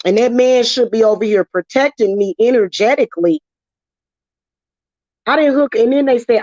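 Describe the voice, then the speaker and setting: Swearing freely and ranting with emotion, a witchcraft vlogger airs her frustrations about spiritual work in a casual video. She speaks at normal speed in a slightly high, slightly mellow voice, captured in dull, dry lo-fi sound with no echo.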